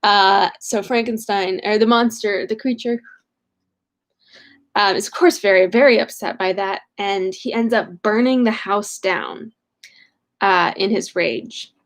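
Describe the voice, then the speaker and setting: A woman's voice: mid-range voice, unhurried. A young woman at home, casually recapping a novel chapter and reading it aloud, chatty and scatterbrained with lots of fillers. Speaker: reader of a novel. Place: home room.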